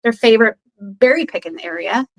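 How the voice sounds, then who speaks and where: Brisk and a bit high-voiced, a woman on a podcast recounts a story in loose, filler-heavy chat. She acts out others' quotes with animation, and the recording quality is low.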